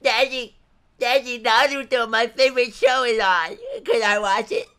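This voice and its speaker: A man voicing an excited young boy pleading with his dad to watch his favorite cartoon, in a whiny, eager way. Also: very high-pitched, moderate pace, clean tone, pitched above the performer's own voice.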